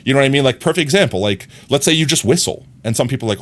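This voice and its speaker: Animated man rambling to his stream chat. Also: mid-range voice, racing, few pauses. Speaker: live streamer. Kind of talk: casual chat with stream viewers. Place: his own room.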